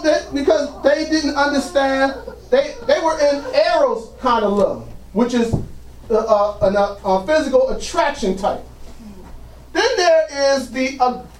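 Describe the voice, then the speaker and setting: Roomy, distant preacher man. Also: extremely high pitch. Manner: punctuates lines with "praise God", drawing call-and-response. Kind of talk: sermon. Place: church sanctuary. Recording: roomy, from the mic. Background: congregation answering amen.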